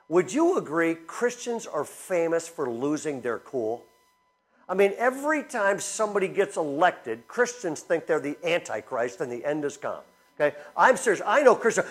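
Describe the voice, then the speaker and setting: High-voiced pastor preaching. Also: male voice, normal speed. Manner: storytelling, animated, asks the congregation questions. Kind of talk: sermon.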